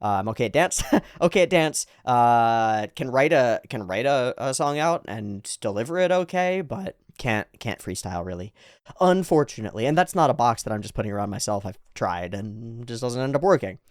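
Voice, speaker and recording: A man giving casual anime reaction commentary, his pitch swinging widely as he talks. He sounds enthusiastic and chuckles often. The sound is close and dry, with no room around it. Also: expressive, moderate pace, no echo.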